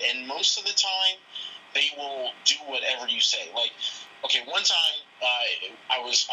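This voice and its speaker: A man's voice: medium pitch, pushed and bright, a little hiss or hum, poor audio. A man in his thirties from Pennsylvania, a voice actor chatting casually in an interview, rambling with lots of fillers. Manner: rambling, many fillers and restarts. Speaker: guest voice actor.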